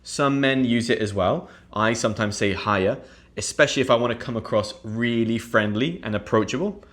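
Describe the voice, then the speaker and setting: A young British man teaching English online in a scripted lesson, acting out example phrases in a higher voice. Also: normal speed, a bit bright. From United Kingdom.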